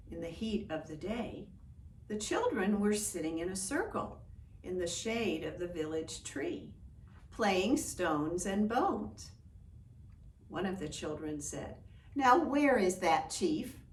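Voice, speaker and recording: A woman telling a folk tale for children, slow and expressive, inviting listeners to join in. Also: lowish voice. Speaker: storyteller. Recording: echoey room, distant mic, faint hiss.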